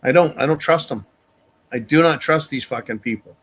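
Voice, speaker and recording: A man's voice: a little high, moderate pace, a bit bright, slightly rough. Angry, profane ranting man. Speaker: show host. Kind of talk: opinion monologue.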